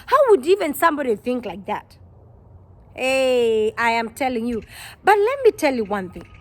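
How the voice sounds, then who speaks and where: A woman, a vlogger telling a personal story to her viewers, animated and exclaiming, quoting people in dialogue. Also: sits high. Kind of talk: storytime vlog.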